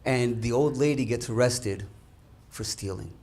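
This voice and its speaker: A man telling stand-up jokes at a community dinner, acting out characters in animated quoted voices. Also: medium pitch, unhurried. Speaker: comedian at a dinner. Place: event hall with a live audience.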